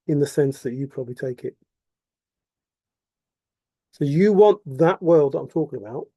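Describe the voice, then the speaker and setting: Man, fairly high-pitched but very dark tone, dry close sound, insistent repetitive monologue. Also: no echo. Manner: repetitive, insistent, rhetorical questions. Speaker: vlogger. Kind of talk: impassioned monologue to camera.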